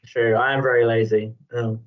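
A man's voice: medium pitch, flat delivery, moderate pace. Rambling man chatting, dull lo-fi sound. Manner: rambling, laughs often, playful. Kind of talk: casual chat.

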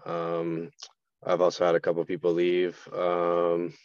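A man's voice: sits low, completely flat delivery, unhurried, darkish tone, clean tone, dry recording, highs cut off. A man from Canada, a contractor guest on a podcast, speaking in a hesitant, subdued way with many ums. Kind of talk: casual interview talk.

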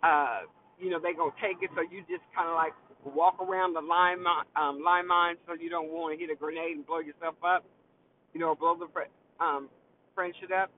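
A woman's voice: fairly low pitch, steady tone, normal speed, a little hiss or hum. Blunt, outspoken woman on a tinny line. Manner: blunt and frank, swears freely. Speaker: podcast host. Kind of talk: casual opinion monologue.

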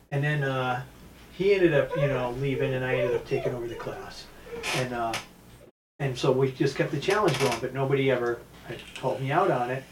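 A man's voice: medium pitch, a little hiss or hum. A man from New telling stories as a martial arts instructor in a casual interview, often acting out quotes in his stories. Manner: animated storyteller acting out quotes. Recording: echoey room, mic at a distance.

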